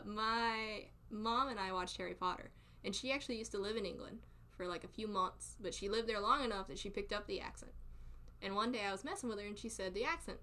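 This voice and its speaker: A woman's voice: medium pitch, sharp tone. A young woman with a Southern US accent chatting casually on a live stream, rambling and laughing often. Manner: giggly, rambling, frequent laughter. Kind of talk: casual chat.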